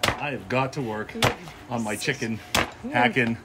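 A man's voice: mid-range voice, a little slow, heavy background noise. A man hosting a casual cooking livestream from his backyard, upbeat and jokey, chatting with viewers as he cooks. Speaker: grill show host. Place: backyard grilling area, outdoors.

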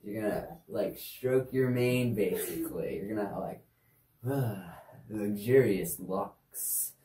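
A woman's voice: extremely low pitch, takes it slowly, warm tone, slight background noise. A woman casually demonstrating sign language signs for a kids' lesson, chatty and easygoing with offhand asides. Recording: echoey room, distant mic.

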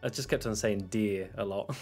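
A man's voice: on the low side, fairly quick, soft background music. A man chatting casually on a live game stream, rambling through viewer questions with easy laughter. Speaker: gaming streamer. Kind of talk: casual live-stream chat while playing.

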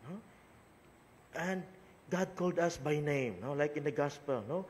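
A man's voice: on the high side, measured pace, a little mellow. A priest with a Filipino accent, a Cebuano speaker, reads the gospel and then preaches in a conversational way, often tagging "no?" onto his sentences. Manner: conversational, frequent tag "no?". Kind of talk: gospel reading and homily.

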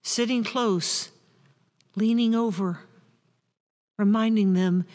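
Slow, reflective woman preaching in reverb. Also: on the high side, expressive. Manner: reflective, slow and deliberate, with bursts of rising intensity. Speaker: pastor. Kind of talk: sermon.

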